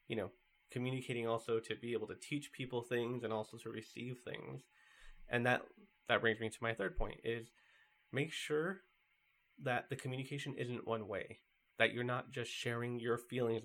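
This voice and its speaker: A man's voice: mid-range voice, a bit bright. A man giving a conversational sermon, telling stories and making points with casual fillers. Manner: conversational, storytelling with acted quotes.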